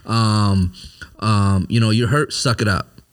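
A man in his late thirties with a lowish voice speaks openly and unguardedly in casual conversation. He gropes for words, restarting and circling back as he opens up. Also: fairly even intonation, slow pace. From immigrant family, came to America as a child. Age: 30s. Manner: open, searching, many restarts and fillers. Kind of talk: candid conversation.

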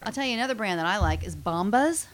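A woman's voice: medium pitch, lively intonation, fast. A woman co-hosting a casual chat in a radio studio, talkative, laughing often and wandering off topic. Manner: chatty, laughs often, digresses. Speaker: co-host.

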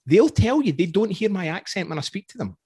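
A middle-aged man with a Scottish accent hosts a relaxed interview. He talks in a chatty, storytelling way and laughs easily. His voice sits slightly high and sounds dry and close. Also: a little fast, husky, no room sound. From Scotland. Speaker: podcast host. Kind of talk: casual conversational interview.

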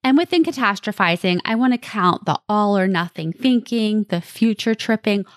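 A woman's voice: mid-range voice, expressive, moderate pace, no room sound, studio quality. A woman hosting a parenting podcast, giving direct and earnest coaching advice to other parents. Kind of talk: advice monologue.

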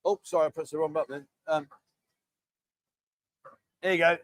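Slightly high and fairly bright, the voice moves at a moderate pace with fairly even intonation and no room sound. It belongs to a middle-aged livestream host who chats casually, reads viewer comments, and often calls people mate in his matey way.

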